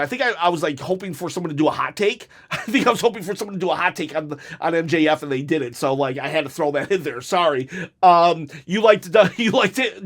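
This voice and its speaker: A man's voice: high-pitched, fairly bright tone. A man hosting a casual show, reading out viewer comments and answering them in a rambling, self-correcting way with frequent laughs. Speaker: host reading viewer hot takes. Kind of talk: casual chat.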